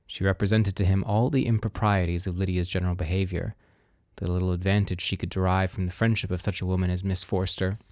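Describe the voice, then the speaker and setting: A man gently narrating a classic novel in a soft, soothing read-aloud style. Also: sits low, dry recording, clean studio sound. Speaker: audiobook reader.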